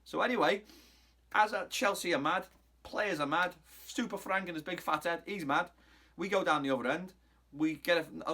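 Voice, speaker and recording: Bright-voiced cheeky football fan vlogger. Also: male voice, medium pitch. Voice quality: cheeky, mocking, rambling. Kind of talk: casual match recap.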